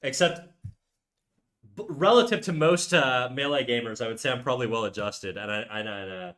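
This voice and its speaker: A man's voice: mid-range voice, normal speed, a bit bright. A young man chatting casually on a live stream, joking crudely and rambling with frequent restarts. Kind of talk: casual livestream chat. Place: home room.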